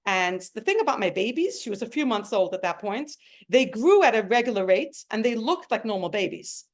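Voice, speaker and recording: A woman's voice: mid-range voice, very animated, fairly quick. A middle-aged woman, telling her personal story in an earnest, emotional way. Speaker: speaker sharing a personal story. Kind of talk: personal testimony talk. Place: home.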